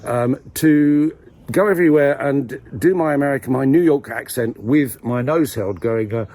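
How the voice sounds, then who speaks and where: A man talks in a loose, meandering monologue, recorded outdoors in a village graveyard. His voice is husky and mid-pitched, and he fills his pauses with ums while delivering dry, wry asides. It sounds like a casual vlogger musing to his viewers. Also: expressive, darkish tone. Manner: wry, dry humour, hesitant with many ums.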